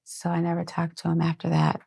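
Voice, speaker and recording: Gravelly-voiced woman recounting her story. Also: lowish voice, monotone, dark tone. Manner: halting storytelling with restarts, acting out quoted voices. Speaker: guest. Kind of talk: personal testimony.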